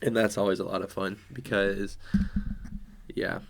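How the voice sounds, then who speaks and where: A man's voice: low-pitched, flat delivery, measured pace, gravelly, noisy background. A young man co-hosting a casual podcast, easygoing and agreeable, laughing now and then. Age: young adult. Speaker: podcast co-host. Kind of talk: casual chat.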